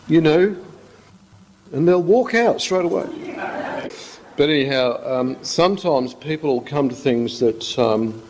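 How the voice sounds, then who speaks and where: A man's voice: on the high side, expressive, measured pace, long pauses, darkish tone, a little hiss or hum. A male pastor, giving an informal sermon full of rambling, joking stories. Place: church hall. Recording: echoey church hall.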